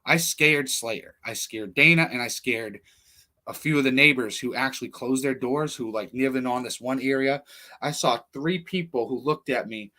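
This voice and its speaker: A man's voice: mid-range voice, moderate pace, sharp tone. A man hosting a livestream, telling personal stories in a rambling, blunt, profane casual monologue. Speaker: livestream host.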